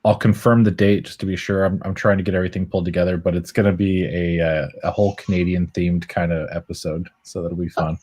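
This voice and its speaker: Husky low-voiced man from California. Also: level tone, quick pace, hardly any pauses, a little mellow. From Central California. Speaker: guest, show organizer. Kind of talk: casual chat.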